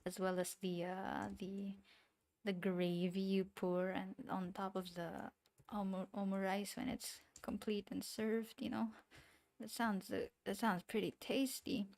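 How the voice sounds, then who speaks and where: A woman's voice: medium pitch, a little mellow. A woman streamer with an accent, chatting casually while she draws, rambling and talking to herself with small giggly asides. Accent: non-standard English accent. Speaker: VTuber streamer. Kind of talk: casual chat while drawing.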